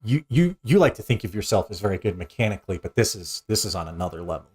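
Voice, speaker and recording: Animated male game master. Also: on the low side, quick pace, breathy edge. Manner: animated, restarts often. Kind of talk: narrating a tabletop role-playing game.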